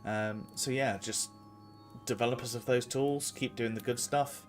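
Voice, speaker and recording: Halting, casual man player. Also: medium pitch, steady tone, faint music behind. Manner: halting, filler-heavy, swears casually. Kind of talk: casual chat.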